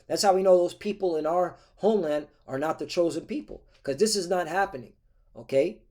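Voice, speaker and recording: A male preacher with a somewhat high-pitched voice reads verses aloud and then explains them in his own words. He keeps checking in with his listeners, "all right? okay?", and his tone is combative. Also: a little fast, mellow. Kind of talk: scripture-reading sermon.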